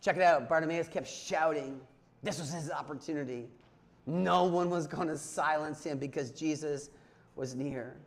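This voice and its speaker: A young man preaching a sermon as youth pastor, swinging from hushed asides to loud emphatic calls and repeating lines for emphasis. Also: on the high side, normal speed. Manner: repeats phrases for emphasis, asks the audience questions.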